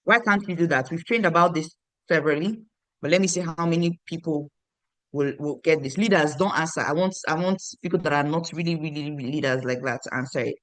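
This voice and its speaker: A woman's voice: deep voice, brisk, dry recording. A woman, leading a motivational training for her team, emphatic and repetitive, quizzing her listeners.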